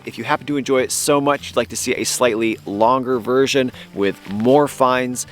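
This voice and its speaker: A man's voice: mid-range voice, normal speed. A man hosting an outdoor metal detecting vlog on a lake beach, explaining his finds with enthusiasm. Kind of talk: casual outdoor vlog narration. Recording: background music under the voice.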